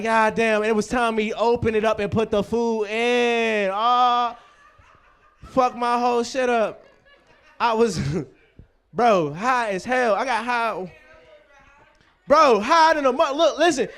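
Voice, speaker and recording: A man hosting a live comedy show, with an unusually high voice. He tells loose, profane stories in a rambling way. He keeps turning to the audience with questions. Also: a bit bright. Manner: loose, profane, rambling storytelling with crowd work.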